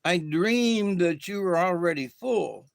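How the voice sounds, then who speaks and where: A calm, knowing lizard from a told fable, voiced by a man. He explains patiently, lifting his voice a little. The tone is gravelly and dry. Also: high-pitched, slow, no room sound, heavily acted.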